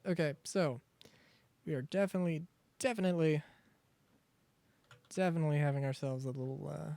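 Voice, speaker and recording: A young male streamer muses aloud while he plays, wandering off on tangents and interrupting himself. His voice is gravelly and mellow, a touch higher than most men's, and it sounds dry and close to the mic. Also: steady tone, brisk, no room sound. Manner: rambling, self-interrupting, chatty asides. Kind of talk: casual gaming commentary.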